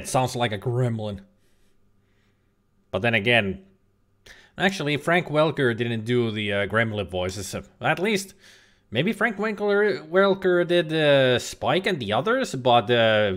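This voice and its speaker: Here a man with a slightly bright mid-range voice does loose, rambling let's-play commentary as a streamer. He's chatty and full of jokes, swearing now and then.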